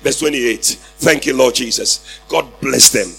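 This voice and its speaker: A man preaching a sermon through an interpreter, shouting declarations for the congregation to repeat. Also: mid-range voice, measured pace, gravelly, soft background music, rough recording. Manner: shouted call-and-response declarations, rising to fervent outbursts.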